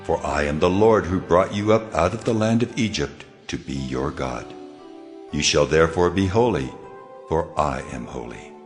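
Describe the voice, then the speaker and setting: God, booming and very deep. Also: male voice, lively intonation, moderate pace. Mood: solemn commanding. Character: God speaking, deep, solemn, commanding. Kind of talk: dramatized scripture reading. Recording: long reverb with music behind.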